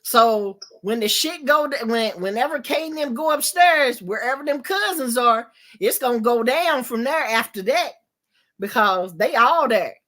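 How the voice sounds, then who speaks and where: A woman's voice: a little high, measured pace. A woman, telling a TV episode's plot in casual chat and acting out the quotes. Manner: animated storytelling, acts out quotes, swears freely. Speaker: host.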